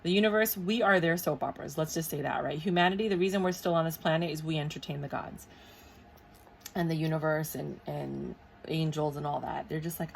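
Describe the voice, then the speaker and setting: Woman, tarot reader, low gravelly voice, chatty, sleepy at night, faint hiss. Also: normal speed. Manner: chatty, animated, acts out quoted voices. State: sleepy, delirious before bed. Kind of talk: casual tarot reading monologue.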